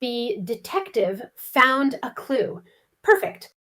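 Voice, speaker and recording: Her voice sits high and a bit bright, swinging widely in pitch as she speaks slowly. As co-host of an English learners' lesson, she's curious and eager, firing off many questions about the story.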